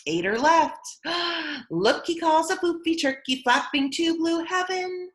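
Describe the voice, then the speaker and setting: A young woman leads a children's lesson in a high voice that swoops up and down with great energy. She talks slowly and stretches her words, adding gasps and playful exclamations. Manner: animated, slow and exaggerated, with gasps and playful exclamations. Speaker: music therapist teaching children. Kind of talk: sing-song children's lesson and storytelling.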